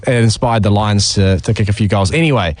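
A man, co-hosting sports talk radio in an eager, animated way. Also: lowish voice, fairly quick, no room sound. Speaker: radio co-host.

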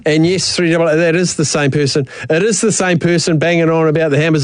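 A male radio host chatting casually about sports in a jokey, animated way. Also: a little high, fast, few pauses, no echo.

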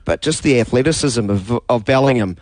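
A man hosting sports radio, talking through a match in a halting way with many restarts. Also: medium pitch, expressive, darkish tone, no echo. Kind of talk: casual sports talk.

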